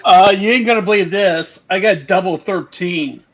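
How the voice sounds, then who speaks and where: A tired man chats as a player at a tabletop game, laid-back and meandering as he yawns. His voice is high, and it comes through a dull, lo-fi line with faint music underneath. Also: moderate pace. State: tired and yawning. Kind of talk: casual chat at a tabletop game.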